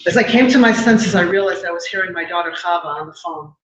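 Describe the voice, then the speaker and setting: A middle-aged woman giving a personal testimony at a memorial event, measured and emotional, with pauses. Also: lowish voice. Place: live event hall. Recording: echoey hall, dull sound, noisy.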